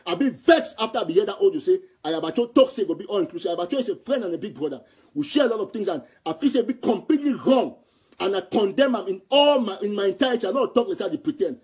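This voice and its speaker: A man's voice: sits high, lively intonation, fast talker, a little mellow, husky. A man from Southern Cameroon speaking Cameroonian Pidgin English, giving an impassioned political commentary in a heated, repetitive way.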